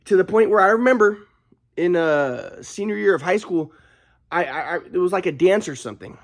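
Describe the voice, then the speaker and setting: A man's voice: high-pitched, expressive, moderate pace. A young adult man vlogging, telling a personal story in a rambling, aggrieved way with frequent restarts.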